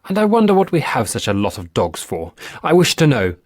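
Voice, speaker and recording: A man's voice: medium pitch, wildly swooping pitch, brisk, a little mellow, no echo, clean studio sound. A man voicing an imperious, irritable old woman who commands her household in a haughty, petulant way. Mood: cold, imperious.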